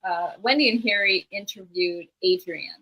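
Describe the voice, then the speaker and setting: A woman guest on a livestream, telling a story in a rambling way with many pauses. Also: mid-range voice, pushed and bright, rough recording. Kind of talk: casual chat.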